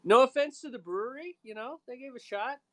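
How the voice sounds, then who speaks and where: A woman co-hosting a homebrew show, chatting casually on a live stream, animated and teasing with frequent laughs. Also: high-pitched, a little fast.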